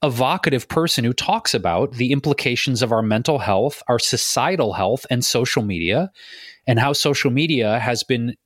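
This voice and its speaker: A man's voice: mid-range voice, normal speed, no echo, studio quality. Blunt swearing man podcast co-host. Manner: animated, blunt, swears freely. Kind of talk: casual podcast chat.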